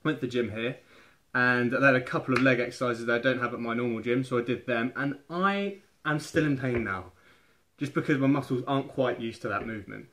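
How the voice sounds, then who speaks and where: A man's voice: mid-range voice, fairly bright tone. A young man giving casual fitness advice to camera in a chatty, rambling way, often restarting his phrases. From England. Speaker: fitness vlogger.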